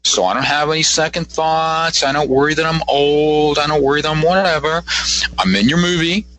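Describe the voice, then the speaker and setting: A man's voice: a little high, moderate pace, fairly bright tone, poor audio. A man in his fifties, a guest psychic, telling rambling anecdotes in a casual radio interview and acting out quotes as he goes. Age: 50s.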